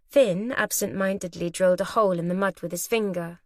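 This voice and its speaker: A woman narrating a thriller audiobook in a measured, steady storytelling manner. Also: fairly low pitch, no echo, studio quality. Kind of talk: scripted narration.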